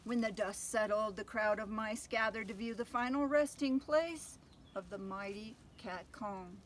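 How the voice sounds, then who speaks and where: An older woman reading a picture book aloud to children, gentle and pausing to ask them questions. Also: medium pitch, slight background noise. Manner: gentle, asks listeners questions. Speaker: storyteller.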